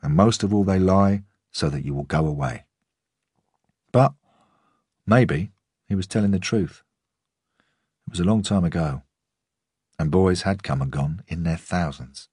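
Low husky male audiobook narrator. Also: a little slow, pauses often, darkish tone, no room sound, clean studio sound. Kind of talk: first-person scripted crime narration.

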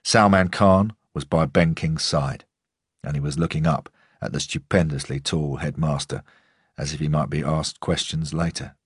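A man narrating a first-person audiobook in a measured, understated way. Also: rumbling low, steady tone, breathy edge, no room sound, clean studio sound.

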